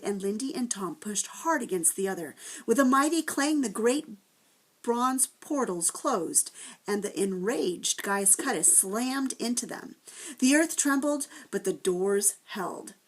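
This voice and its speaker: A woman teacher reading a chapter book aloud to first graders, with gentle, expressive storytelling. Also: on the high side, unhurried.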